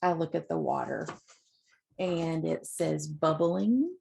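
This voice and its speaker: A woman who teaches literacy, retelling picture books for teachers in a slow, relaxed way with many ums. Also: low voice, creaky, husky. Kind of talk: informal book talk to teachers.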